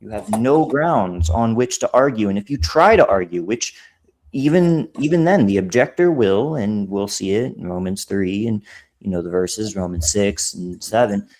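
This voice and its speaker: A man explaining Bible passages in a casual study group, slowly repeating and restating his points. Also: fairly low pitch, animated, darkish tone. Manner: slow, repetitive explaining with restarts.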